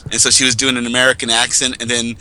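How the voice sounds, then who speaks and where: A man in a casual chat, telling an anecdote in an animated way. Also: mid-range voice, fast, low-quality recording.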